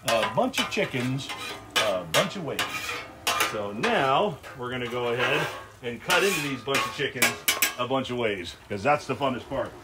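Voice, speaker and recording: A man's voice: fairly high pitch, heavy background noise. A man hosting a casual cooking livestream from his backyard, upbeat and jokey, chatting with viewers as he cooks. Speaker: grill show host. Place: backyard grilling area, outdoors.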